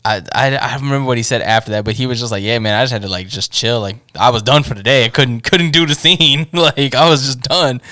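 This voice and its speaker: A man's voice: medium pitch, quick pace, few pauses, bright, forceful tone, dry recording, studio quality. A man chatting with friends, telling a story loosely with lots of swearing and acted-out quotes. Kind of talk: casual chat among friends.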